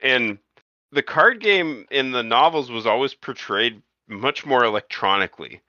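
A man's voice: medium pitch, lively intonation, unhurried, bright, forceful tone, dry recording. A man in a casual film discussion podcast. He is opinionated and often stumbles and repeats words. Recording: dull lo-fi sound.

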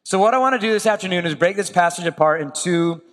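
A man preaching a sermon in a conversational way, slipping into quick acted asides. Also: sits high, long reverb tail. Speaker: pastor.

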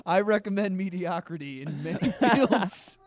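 A man with a high voice who chats casually and teases, laughing often. The recording is dry and close. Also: expressive, unhurried, dry recording. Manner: laughing, teasing. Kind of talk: casual comedic chat.

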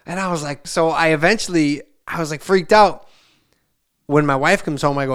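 A podcast co-host in his forties, this man has a slightly high, clear, resonant voice and a moderate pace. In casual chat he rambles through a long family story full of asides and restarts, animatedly and loudly acting out relatives' lines in shifting voices.

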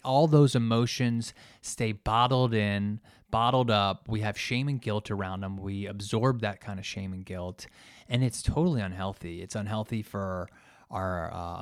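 A man with a fairly low voice talks through his thoughts on a solo podcast, earnest and reflective, often pausing to find the right words. The recording is dry and close, with no room sound. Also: dry recording. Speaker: podcast host and coach.

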